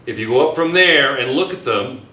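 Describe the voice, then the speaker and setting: A man teaching a chemistry class, lecturing with lots of quick checks on whether students follow. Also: medium pitch, reverberant. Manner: lively, keeps checking students with "yes or no?".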